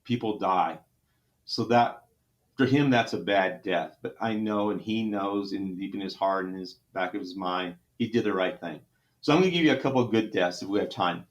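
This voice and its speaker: Emotional middle-aged Texan man, low voice. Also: normal speed. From Texas. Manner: earnest, emotional retelling with restarts. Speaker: trauma surgeon. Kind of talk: podcast interview storytelling.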